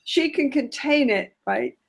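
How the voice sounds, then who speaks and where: A woman guest, a therapy trainer, teaching in casual conversation and lively acting out what a therapist says to clients. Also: high-pitched, unhurried, vocal fry. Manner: lively, acts out therapist dialogue.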